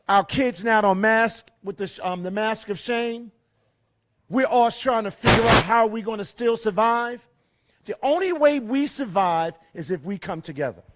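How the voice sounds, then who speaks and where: High-voiced man giving a fiery rally speech. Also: unhurried. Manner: fiery and preachy, hammering rhetorical questions, swinging between loud and hushed. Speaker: rally speaker. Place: fairgrounds event.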